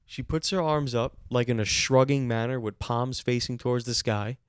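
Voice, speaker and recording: A podcast co-host tells a story in a casual, exasperated way, swearing freely. His mid-range voice comes at a normal speed with a clean tone and studio-quality sound, with no room noise.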